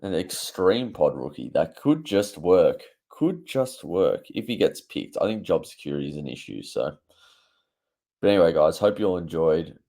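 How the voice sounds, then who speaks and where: Low gravelly young man. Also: very animated, normal speed, mellow. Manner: chatty, offhand, many fillers. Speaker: fantasy football YouTuber. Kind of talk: casual talk to camera.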